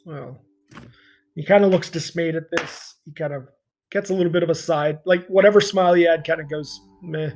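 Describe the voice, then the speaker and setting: A man's voice: on the high side, fairly even intonation, brisk, darkish tone, a little hiss or hum. A man running a tabletop game as game master, narrating in a loose style full of fillers.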